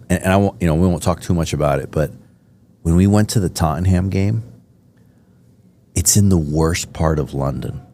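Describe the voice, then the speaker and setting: A man's voice: deep voice, mellow, slight background noise. A man from Miami hosting a podcast interview, telling rambling, enthusiastic stories with many fillers. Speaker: podcast host. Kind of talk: casual interview chat.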